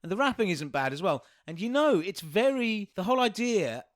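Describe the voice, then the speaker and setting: A man with a slightly high voice co-hosts a casual comedy podcast. He talks with eager enthusiasm and rambles as he hunts for names. The sound is dry and close, with no room echo. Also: very animated, a little fast. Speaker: podcast co-host.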